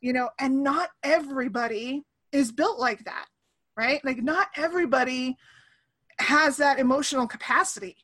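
A woman in her thirties hosts a relaxed chat over a remote call, speaking in a high voice at a normal pace. She's animated and performs the voices of the people she quotes.

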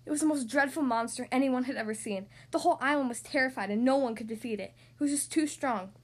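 A woman voicing a grumpy older male building superintendent in a read-aloud storybook, gruff and grumbling. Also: very high voice, fast. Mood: solemn.

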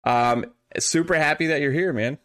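A man's voice: on the high side, moderate pace, fairly bright tone. Playful male podcast host. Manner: playful, joking, many fillers. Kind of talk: casual podcast chat. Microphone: online call setup.

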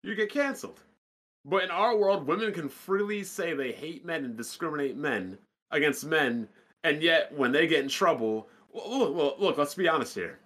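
A man's voice: fairly high pitch, lively intonation, normal speed, a bit bright. A man, co-hosting a casual podcast and telling a blunt, profane story. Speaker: podcast co-host.

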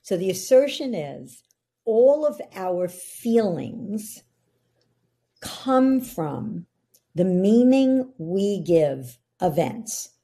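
A woman's voice: mid-range voice, big pitch swings, slow, warm tone, slightly rough. A middle-aged woman, a podcast guest, explaining ideas in an earnest coaching tone. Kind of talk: interview conversation.

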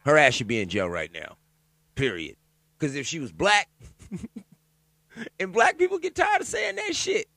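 A man talking alone in a loud, profane, joking commentary, riffing on a news story and reading parts of it aloud haltingly. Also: fairly high pitch, gravelly, no echo. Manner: loud, profane, animated riffing with laughs and asides. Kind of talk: casual profane commentary monologue.

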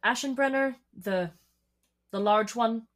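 A woman's voice: fairly high pitch, slow. A woman playing a tabletop character in a poised, arch and coolly persuasive way. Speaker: player.

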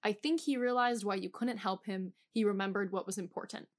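A woman's voice: medium pitch, steady tone. A woman co-hosting a casual book podcast, chatty and wry, with lots of "like" and "um". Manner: chatty and wry, many "like" and "um" fillers, quick laughs. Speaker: podcast co-host.

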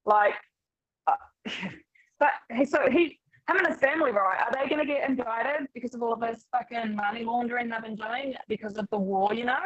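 A woman's voice: fairly high pitch, brisk, dry recording. A woman guest in a casual chat, rambling with many fillers. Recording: dull dry sound.

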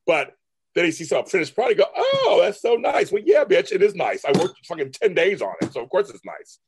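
A man's voice: on the high side, very animated, fast talker, noisy background. A man in his fifties, a guest artist talking candidly in an interview, blunt and profane, mimicking his family in raised voices. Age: 50s. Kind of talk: candid casual interview talk.

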